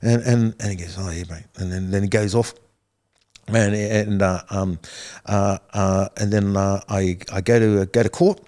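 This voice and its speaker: Fairly low and darkish in tone, with fairly even intonation at a normal pace, this middle-aged man with a New Zealand accent recounts his life on a podcast. His casual talk is packed with restarts, repeated words, and plenty of "man" and "bro."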